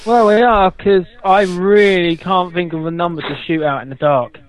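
A man's voice: sits high, fairly even intonation, normal speed. A man joining a casual online quiz as a contestant. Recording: tinny phone-like call line.

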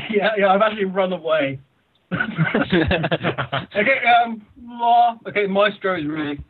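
High, lively man on a tinny line. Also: slow pace, husky. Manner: giggly, rambling. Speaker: quiz contestant. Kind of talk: casual group call chat. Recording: tinny low-bandwidth call line.

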